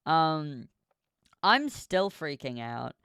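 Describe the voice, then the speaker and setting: A young adult streamer tells a long story in a loose, rambling way, full of fillers and the odd swear. The voice is smooth and clear at a middle pitch. It sounds dry and close to the mic. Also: very animated, drawn-out words, pushed and bright, dry recording. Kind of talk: casual chat.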